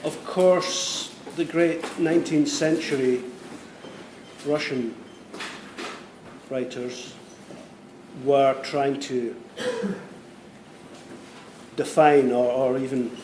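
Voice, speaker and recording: A man's voice: mid-range voice, steady tone, extremely slow, pauses often, darkish tone. Hesitant man speaking in an echoey room. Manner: hesitant, with many fillers and restarts. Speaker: guest writer. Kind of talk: literary conversation at a public event. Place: university event room. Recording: echoey room with faint noise.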